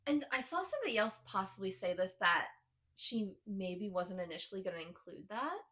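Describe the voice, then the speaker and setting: A woman's voice: mid-range voice, expressive, brisk, a crowd in the background. A young woman co-hosting a book podcast, casually and animatedly retelling scenes. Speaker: podcast co-host.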